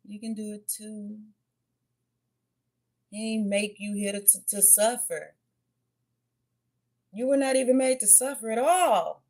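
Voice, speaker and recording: A woman's voice: mid-range voice, unhurried, gravelly, long pauses, a little mellow. A woman giving a casual tarot and oracle card reading to her viewers, chatty and blunt, swearing freely and calling them babies and y'all.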